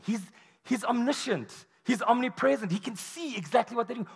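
High-voiced man preaching in a reverberant hall. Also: gravelly, breathy edge. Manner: animated storytelling, acts out quoted voices. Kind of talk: sermon. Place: large hall or church.

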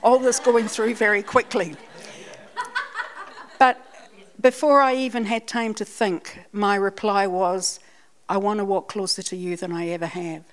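A woman's voice: mid-range voice, steady tone, measured pace, long pauses. A Scottish woman giving a sermon, telling a personal testimony in a chatty, self-deprecating way. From Scotland. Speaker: church speaker.

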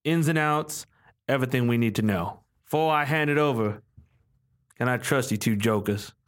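A man voicing a gruff, domineering older crook who speaks curtly and bluntly. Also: medium pitch, normal speed, lightly acted. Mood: businesslike. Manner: curt, bossy, blunt.

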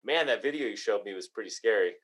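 A man's voice: lowish voice, expressive, fast talker, a bit bright. Hesitant, wry male podcast co-host. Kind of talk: casual podcast chat.

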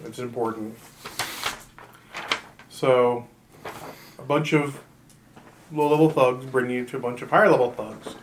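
A man's voice: medium pitch, steady tone, a little slow, long pauses, slight background noise. A man running a tabletop role-playing game, narrating scenes casually with joking asides. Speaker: game master.

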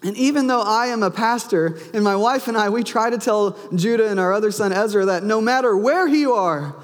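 A pastor in his thirties preaches a sermon, telling a personal story in which he acts out both his son's lines and his own. His voice sits high and his pace is moderate, with a long hall reverb on the recording.

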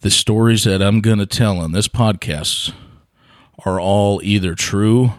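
A man who is a guest on a podcast, telling joking stories in a lively, animated way. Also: fairly low pitch, measured pace, no room sound, studio quality. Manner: joking storyteller, animated delivery. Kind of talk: casual podcast chat.

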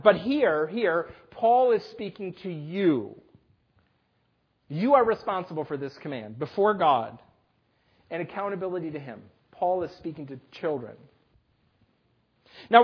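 A husky, fairly high-voiced man in his thirties preaches in a church, speaking plainly and directly to the children. The recording is dull and lo-fi. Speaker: pastor. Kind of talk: sermon. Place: church sanctuary.

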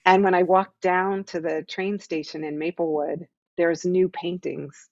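A woman's voice: lowish voice, fairly even intonation, measured pace, creaky, a little mellow, no echo. A woman who teaches meditation, explaining her ideas as an interview guest in an earnest, teaching tone and often checking in with "right?". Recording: dull, dry recording.

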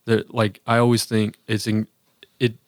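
A man's voice: on the low side, monotone, moderate pace, no echo, clean studio sound. A man in casual conversation on a podcast, talking earnestly about faith with lots of fillers and restarts. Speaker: podcast co-host.

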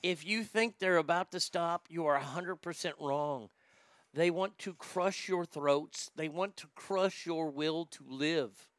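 Man, comedian host, profane ranting, highish voice, crisp. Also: measured pace, dry recording. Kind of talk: livestream chat reading and ranting.

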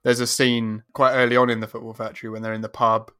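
A man's voice: mid-range voice, flat delivery, fast talker, sharp tone, clear, resonant tone, no room sound. Sweary rambling man chatting. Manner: rambling, sweary, laughs often, mimics film lines. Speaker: podcast co-host. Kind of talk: casual chat.

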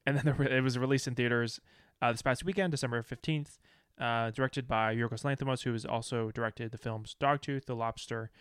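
A man hosts a casual podcast in an upbeat, easygoing way, often laughing between lines. His voice sits at a middle pitch and sounds close and dry. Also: steady tone, a little fast, a bit bright, clean tone, dry recording. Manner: upbeat, laughing, reads lists of facts. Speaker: podcast host. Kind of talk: casual chat.

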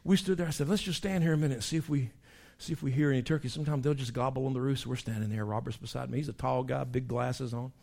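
A man, a pastor preaching in a folksy, animated storytelling way, breaking into animal call imitations. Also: medium pitch, fast talker, gravelly, hardly any pauses.

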